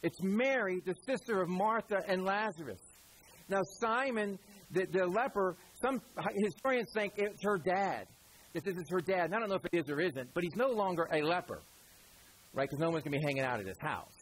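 A preacher with a high, husky voice delivers a relaxed, conversational sermon. He talks straight to the congregation and tosses in quick asides. He slips into little acted voices when he quotes people. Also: rough recording. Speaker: pastor.

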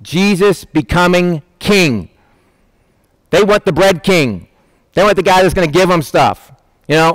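A middle-aged pastor preaching with a conversational, animated delivery. His voice sits a touch higher than most men's. The recording is dry and close, with almost no room sound. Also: normal speed, no room sound. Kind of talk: sermon.

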